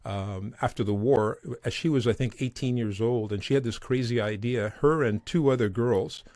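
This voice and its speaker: A man's voice: normal speed, dry recording. A middle-aged man from Montreal, a guest telling stories in easygoing conversation and acting out the people he quotes. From Montreal, Canada. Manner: animated, acts out quoted voices in a higher pitch. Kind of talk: conversational storytelling.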